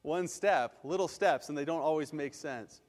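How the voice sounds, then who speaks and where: A man's voice: on the high side, normal speed. A man preaching a sermon, earnest and conversational, acting out prayers and everyday reactions. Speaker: pastor. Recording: long hall reverb.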